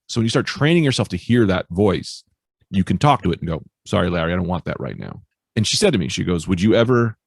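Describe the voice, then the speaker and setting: A male stand-up comedian telling stories in a casual interview, animated and swearing freely. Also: low voice, creaky, husky, no echo, clean studio sound. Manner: animated storyteller, swears freely, acts out quoted voices. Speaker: stand-up comedian, podcast guest.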